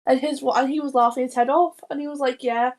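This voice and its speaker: A woman's voice: high-pitched, fairly even intonation, fast, darkish tone. Rambling, giggly woman podcast co-host. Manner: rambling, laughing anecdote-telling with many restarts; swears freely. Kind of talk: casual chat.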